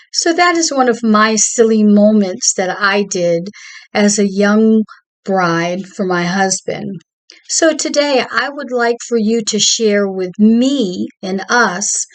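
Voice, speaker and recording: A woman telling a gentle personal story from her church, her voice lifting when she quotes others. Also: mid-range voice, poor audio. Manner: slow, gentle, animated when quoting. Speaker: church member sharing a story.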